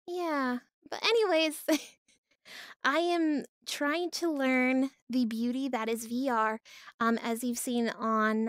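A bubbly woman chats with her live-stream viewers, laughing often as she answers them. Her voice sits high and her talk is slow and relaxed. The sound is close and dry, with no room around it. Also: dry recording. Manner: bubbly, giggly, reads and answers chat. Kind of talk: casual live stream chat. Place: home office with cats.

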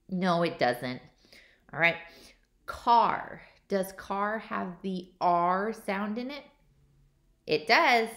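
A woman's voice: medium pitch, a bit bright. A woman teacher giving a phonics lesson to young children, patiently repeating each word and answering her own questions.

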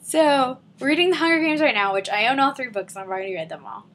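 A seventeen-year-old girl rambling and giggling in an excited fan vlog from her living room. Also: high voice, fast talker, background noise. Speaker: vlogger.

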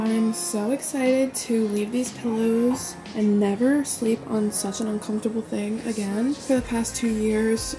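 A college-age woman casually showing off her small dorm room in a chatty vlog, with lots of "like" fillers. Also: on the high side. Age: early 20s. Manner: chatty, lots of "like", says she is winded. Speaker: college student vlogger. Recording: music playing under the voice. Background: music.

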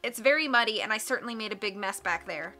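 A woman's voice: mid-range voice, lively intonation, fast, sharp tone, faint music behind. A woman voicing a frank young woman detective, sounding tired. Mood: weary.

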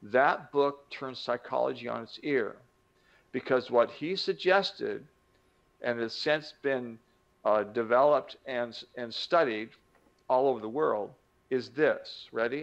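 Gravelly older man, emphatic motivational talk. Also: medium pitch, takes it slowly, lo-fi sound. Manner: emphatic, acts out quoted voices. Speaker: self-help teacher.

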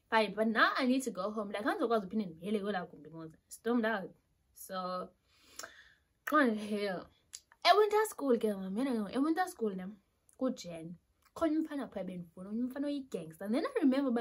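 A young South African woman with a South African accent telling a personal story in an animated, casual way. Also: mid-range voice, husky. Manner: animated storytelling, switching between Xhosa and English. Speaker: YouTuber.

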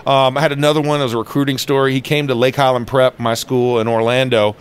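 Inside a stadium, an ex-football player being interviewed speaks fast in a clear, resonant, medium-pitched voice. He tells stories with animation, raising his voice to act out quotes.

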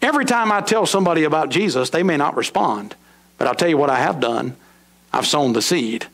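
Fervent preacher man, pitch swinging high. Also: lively intonation, gravelly, a bit bright. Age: middle-aged. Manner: preaching with sudden swings between high emphatic lines and low slow drops. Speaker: pastor. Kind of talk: sermon. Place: church sanctuary.

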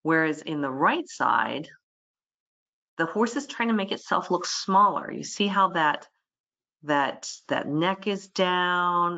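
Bright-voiced woman lecturing a webinar. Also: fairly low pitch, slow, gravelly, highs cut off. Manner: lively, voices the animals' thoughts in quotes. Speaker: veterinarian presenting a webinar.

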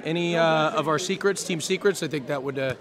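A man's voice: on the high side, brisk. Man giving mock-serious answers over a crowd. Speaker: team player. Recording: crowd noise at live event.

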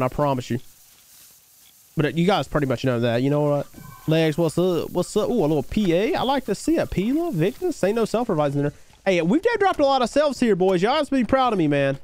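A man live-streaming a game, chatting casually with his viewers and hyping up shout-outs to chat. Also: very animated, fast talker, no echo. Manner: hyped shout-outs to chat, voice jumping high on greetings; laid-back, easygoing talk between shout-outs.

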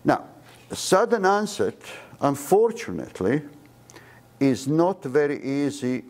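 A fairly high-pitched man speaks slowly as he lectures on medicine at a seminar, addressing an audience in the room. The physician is animated and emphatic, often omitting articles and pressing on important words.

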